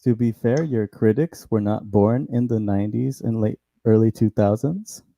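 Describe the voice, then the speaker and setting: A man with a very dark, mellow voice and a lowish pitch, speaking as a dry, understated guest on an online chat. The sound is close and dry, with no room around it. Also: moderate pace, vocal fry, dry recording.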